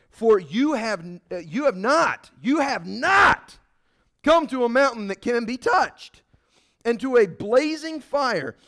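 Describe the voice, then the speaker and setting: A man preaching a sermon in a casual, folksy way, emphatic and animated, swinging between loud outbursts and quiet asides. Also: high voice. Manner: casual folksy phrasing with many restarts.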